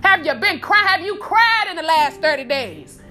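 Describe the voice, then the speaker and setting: A woman hosting a podcast, giving casual, profane, animated motivational advice with frequent laughs, calling the listener baby. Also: very high voice, moderate pace, soft background music. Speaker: podcast host.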